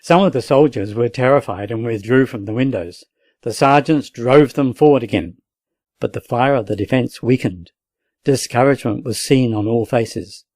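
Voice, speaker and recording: A man from Australia with an Australian accent, reading a classic novel aloud in a steady, measured way. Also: mid-range voice, dry recording. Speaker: audiobook reader.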